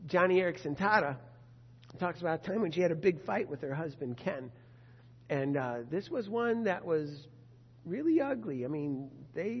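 A man's voice: sits high, husky. A man preaching a sermon in an earnest manner, building to emphatic bursts. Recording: dull long-reverb hall sound.

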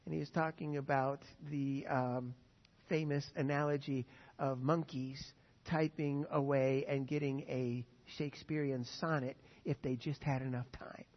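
A man preaching a sermon with an animated, emphatic delivery, often acting out quotes. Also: mid-range voice, measured pace. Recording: dull lo-fi sound with long reverb.

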